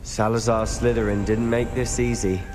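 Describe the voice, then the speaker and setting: A man's voice: lowish voice, little pitch movement, normal speed, close to an everyday voice. A man voicing a wry young wizard. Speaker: player character, a student wizard. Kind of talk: video game voice acting. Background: game music.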